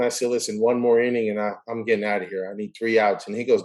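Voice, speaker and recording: A man's voice: medium pitch, fast, low-quality recording. A man hosting a casual interview, telling stories animatedly and acting out the dialogue. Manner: animated storyteller who acts out dialogue. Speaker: host.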